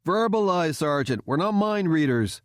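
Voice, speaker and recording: A man's voice: a little high, very animated, normal speed, dry recording, clean studio sound, voice pushed up. A man voicing a confident male cadet leader who speaks steadily and reassuringly. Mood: firm.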